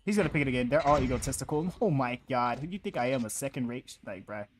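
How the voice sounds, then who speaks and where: A young man streams a shooter game and chats loosely with his viewers in heavy slang. His voice sits at an ordinary pitch, sliding between low mumbles and loud yells. A faint hiss and game gunfire run underneath. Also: lively intonation, quick pace. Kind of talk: casual gaming livestream chat.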